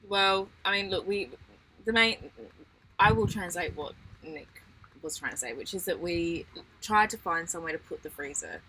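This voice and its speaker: A woman's voice: lowish voice, lively intonation, normal speed, sharp tone, a little hiss or hum, rough recording. An Australian woman in her thirties co-hosting a casual live-stream chat about sailing life, explaining things patiently and laughing often. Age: 30s. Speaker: sailing channel co-host.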